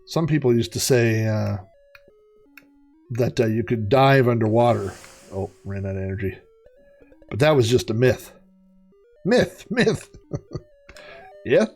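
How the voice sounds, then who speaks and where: A man's voice: on the low side, normal speed, long pauses, a little mellow, faint music behind. Rambling, chatty male game commentator. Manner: rambling, chatty, laughs at his own jokes. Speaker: let's play host. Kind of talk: casual gameplay commentary.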